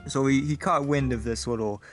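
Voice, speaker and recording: A sleazy lawyer who rambles along, a little lower and quieter than a normal speaking voice, as a man puts him on. He trails off, hesitates, and mumbles his way through his threats. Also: a little fast, faint music behind, natural voice. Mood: smug. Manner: hesitant, mumbling, full of fillers. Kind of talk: comedy sketch.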